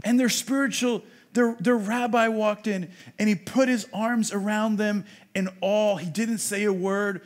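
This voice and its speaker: A rabbi giving a sermon, preaching emphatically with rhetorical questions, swinging from quiet to loud. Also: male voice, high voice, fairly even intonation, unhurried, few pauses. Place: congregation meeting room.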